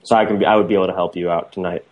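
Lowish guy voice, playful prank caller, joking around. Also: steady tone, rapid-fire, muffled recording. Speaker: prank call show host. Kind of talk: prank calling and banter.

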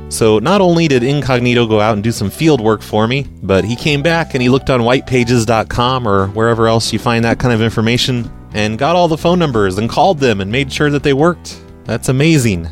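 A man hosting a prank-call show talks in a loose, rambling way full of fillers, at a middling pitch. Faint music plays softly behind him. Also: lively intonation, fairly quick, few pauses. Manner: rambling, chatty, many fillers. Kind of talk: casual podcast monologue and prank calls.

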